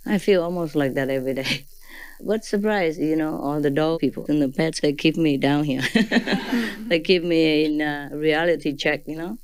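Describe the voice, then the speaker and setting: A woman with a low, clean-toned voice gives an informal spiritual talk to a gathering at normal speed. She's loose and chatty, laughs often, tags sentences with questions, and phrases things like a non-native English speaker.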